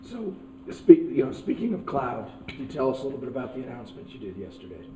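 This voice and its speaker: Hoarse man moderating from a distance. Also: medium pitch, very animated, fast talker, warm tone, a little hiss or hum. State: lost voice, hoarse. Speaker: CEO moderating a panel. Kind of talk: moderating a fireside chat. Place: conference stage. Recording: distant mic in an echoey hall.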